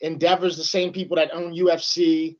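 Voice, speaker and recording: High male voice, laid-back slangy radio co-host, slightly muffled sound. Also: level tone, brisk, darkish tone. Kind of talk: casual sports radio chat.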